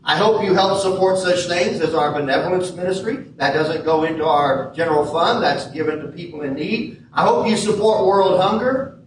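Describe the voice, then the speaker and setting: A man preaching a sermon as pastor in a church sanctuary, measured and leaning hard on key words. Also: high voice, noisy background. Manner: measured preaching with emphatic stresses. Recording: echoey hall from far off.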